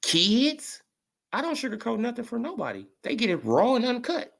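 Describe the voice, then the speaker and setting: Animated, profane woman ranting. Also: a little high, moderate pace, gravelly. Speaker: sports commentary vlogger. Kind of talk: ranting commentary vlog.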